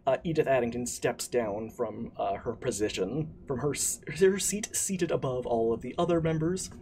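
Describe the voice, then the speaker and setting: A man narrating as game master of a streamed tabletop game, pausing often with fillers and restarts. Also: medium pitch, a little mellow, slight background noise. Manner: halting, many fillers and restarts. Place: streaming setup.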